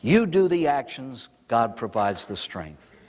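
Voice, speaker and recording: A man's voice: mid-range voice, unhurried, in a large hall. An older man, a priest, giving a recovery talk to an audience, telling stories and asking rhetorical questions. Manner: storytelling, animated, with rhetorical questions.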